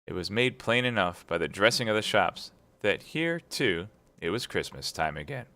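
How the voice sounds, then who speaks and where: Low-voiced man speed-reading a novel. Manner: brisk, steady reading. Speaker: reader.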